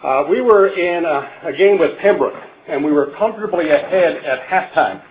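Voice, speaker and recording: A man's voice: a little high, animated, moderate pace. An older man from Canada giving a conference lecture, a wry storyteller who chuckles at his own jokes and stumbles over restarts. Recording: phone-like narrow band.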